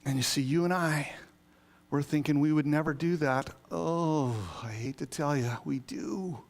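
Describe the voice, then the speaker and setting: A man, an associate pastor, preaching a sermon in a conversational yet emphatic way, with sudden swells of excitement. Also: a little high, unhurried. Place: church sanctuary.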